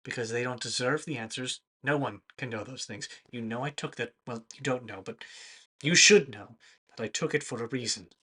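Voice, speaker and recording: A man voicing a secretive, cold male noble of a fey court who speaks in a hushed, guarded, curt way. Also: medium pitch, a little fast, husky.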